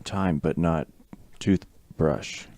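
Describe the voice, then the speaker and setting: A man in a comedy troupe, brainstorming improv on a livestream, agreeable and quick to affirm. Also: extremely low pitch, fairly even intonation, darkish tone, a little hiss or hum.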